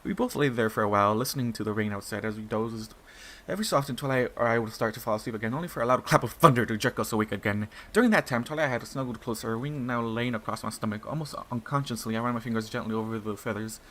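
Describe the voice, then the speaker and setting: A man's voice: mid-range voice, fast talker, sharp tone, a little hiss or hum. A man reading a fan fiction story aloud in a casual way, stumbling and restarting, and breaking off to swear in asides. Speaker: narrator.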